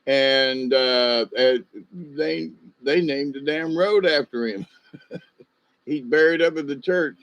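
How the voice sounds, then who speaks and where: A man's voice: medium pitch, slow pace, a bit bright, no echo, rough recording. A man telling rambling, folksy stories in a loose monologue, full of fillers and asides.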